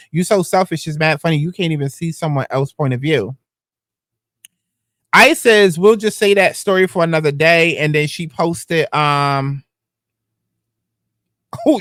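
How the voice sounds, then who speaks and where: A man's voice: a little high, a bit bright, dry recording, studio quality. A man hosting a commentary channel, reading out text messages and reacting with sassy, slangy, sarcastic asides.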